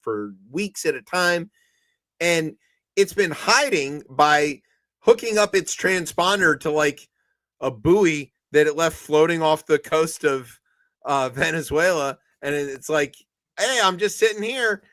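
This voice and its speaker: Animated, jokey man. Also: fairly high pitch, slow, dry recording. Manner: animated, jokey, acts out quoted voices. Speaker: co-host. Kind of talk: casual comedic news chat.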